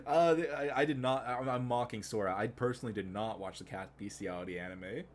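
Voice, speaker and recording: A young man streaming live, chatting casually and rambling with lots of fillers, getting excited as he goes. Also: on the low side, fast talker, a little hiss or hum.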